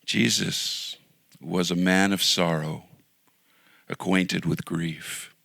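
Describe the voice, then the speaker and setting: Earnest low gravelly-voiced male pastor. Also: steady tone, takes it slowly, sharp tone, no room sound. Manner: earnest, pleading, drops to near-whisper at times. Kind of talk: sermon.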